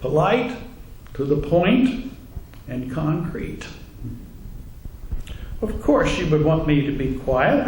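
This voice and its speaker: A man's voice: high-pitched, darkish tone, roomy sound, slight background noise, low-quality recording. A man, a psychotherapist, giving a humorous talk to a congregation, telling wry stories and turning to the audience with asides. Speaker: psychotherapist and speaker.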